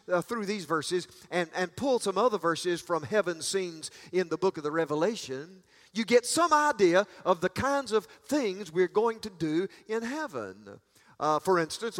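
A man preaching a sermon in a church, folksy and emphatic, stumbling into frequent restarts, with long reverb. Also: on the high side. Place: church sanctuary.

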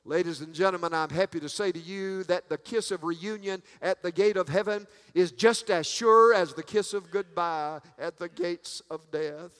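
A man's voice: sits high, moderate pace, few pauses, fairly bright tone, clear, resonant tone. A man preaching a sermon in a church, folksy and emphatic, stumbling into frequent restarts, with long reverb. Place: church sanctuary.

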